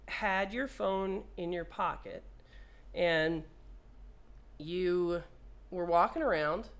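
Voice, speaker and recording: Her voice is fairly low with a fairly bright tone as this woman technician walks through a repair demo. She's casual and playful, chatting with the device and swearing when she's frustrated.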